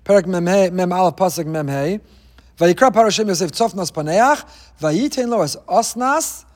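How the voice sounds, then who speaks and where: A man with a high-pitched, slightly mellow voice leads a weekly Torah class, slipping in wry jokes and asides. He's expressive at normal speed, and his words ring with long reverb as if in a large hall.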